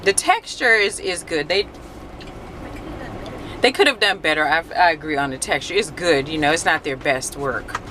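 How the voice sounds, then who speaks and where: A woman chatting casually on her vlog, reviewing food in a restaurant, animated and laughing often. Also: deep voice, normal speed, slight background noise. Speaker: vlogger.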